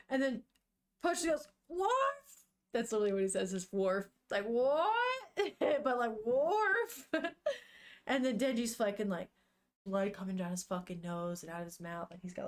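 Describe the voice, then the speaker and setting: A woman's voice: mid-range voice, fairly even intonation, fairly quick, a little mellow. A young woman on a casual live stream, reading a manga aloud, chatting with viewers, swearing freely and laughing often.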